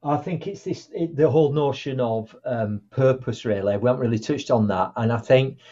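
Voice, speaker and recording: A man's voice: mid-range voice, normal speed. A man, a guest speaker and author, telling stories in a podcast interview and acting out quotes. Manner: animated storyteller, acts out quotes. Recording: muffled lo-fi audio.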